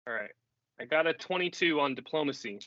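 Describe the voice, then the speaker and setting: A man playing a tabletop game, excitable and quick to interrupt. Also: fairly high pitch, no room sound, lo-fi sound. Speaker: player. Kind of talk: casual tabletop play.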